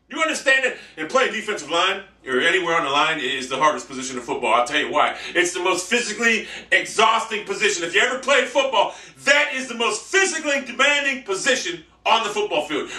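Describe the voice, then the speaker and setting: A man ranting brashly and profanely in a monologue vlog, boasting loudly. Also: high voice, far from the mic. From United States. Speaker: vlogger. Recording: echoey room, off-mic.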